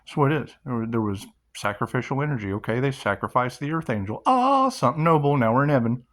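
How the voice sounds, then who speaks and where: A man's voice: mid-range voice, big pitch swings, fast, a bit bright. A middle-aged man hosting his own channel, giving a rambling spiritual monologue and storytelling, swearing casually and laughing often. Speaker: channel host.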